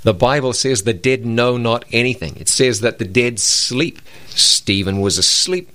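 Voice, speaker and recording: Male Bible-show co-host, mid pitch, emphatic preacher style, quotes scripture. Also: expressive, measured pace, sharp tone, dry recording. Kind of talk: religious broadcast discussion.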